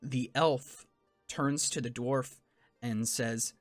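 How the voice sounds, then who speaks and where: A man narrating as dungeon master for a tabletop game, slow and descriptive. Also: medium pitch, steady tone, dry recording, soft background music.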